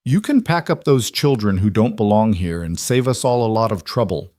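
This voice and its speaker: A man's voice: on the low side, expressive, normal speed, darkish tone, no room sound, studio quality. A man playing a smug, wealthy middle-aged bully who talks bluntly and sneers. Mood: sneering. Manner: blunt, sneering, falsely sympathetic.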